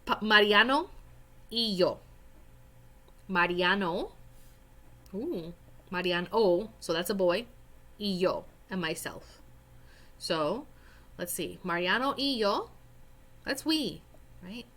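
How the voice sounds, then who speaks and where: Woman teacher, young adult, unhurried delivery, patient, explains step by step while working on screen. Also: medium pitch, animated, fairly bright tone. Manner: patient, talks to students directly, spells words aloud. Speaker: Spanish teacher. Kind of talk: screen-recorded lesson walkthrough.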